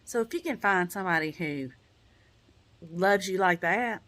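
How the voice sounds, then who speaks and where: A woman's voice: fairly low pitch, unhurried, fairly bright tone, no room sound. A woman giving a casual personal update as a vlogger, talking in a rambling, heartfelt way with many "you know" fillers. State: tearing up at times.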